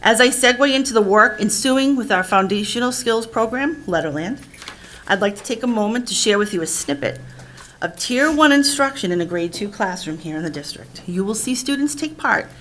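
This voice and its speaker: A woman reads a prepared school-district report in a formal, measured way. Her pitch sits in the middle, and a little steady hiss runs under the voice. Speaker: district literacy administrator. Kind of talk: read presentation narration.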